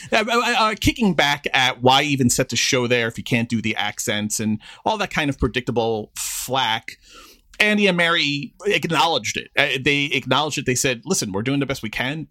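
A man's voice: medium pitch, pushed and bright, no echo, clean studio sound. A man co-hosting a podcast, chatting casually with a lot of fillers and restarts. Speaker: podcast co-host.

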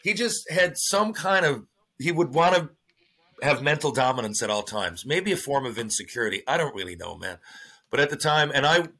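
A man, a former hockey player, telling profane, animated stories in a casual podcast interview. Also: mid-range voice, normal speed. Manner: profane, animated storytelling with acted-out quotes.

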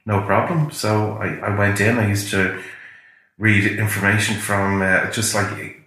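Bright-voiced man in an echoey room. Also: lowish voice, steady tone, measured pace. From Ireland. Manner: rambling, anecdotal storytelling. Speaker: guest. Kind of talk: casual interview chat.

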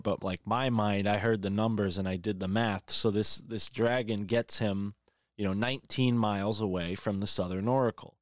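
Man, low voice, casual rambling recap, dry close sound. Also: fairly even intonation, normal speed, no room sound. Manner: rambling, many fillers and restarts. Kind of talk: casual film recap chat.

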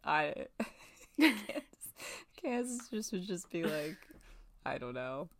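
A woman's voice: lowish voice, sing-song, slow. A woman co-hosting a podcast, chatting casually and laughing often. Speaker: podcast co-host. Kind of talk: casual chat.

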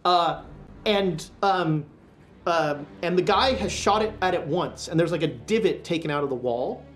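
A woman as game master, narrating a tabletop horror game in a relaxed, rambling way with many fillers. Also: on the low side, measured pace, a little hiss or hum. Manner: relaxed, filler-heavy storytelling.

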